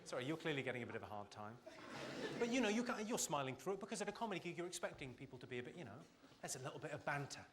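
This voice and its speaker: A man doing live stand-up comedy on stage, teasing the audience with quick deadpan insults. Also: on the high side. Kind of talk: live stand-up with crowd work. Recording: loud audience laughter and noise.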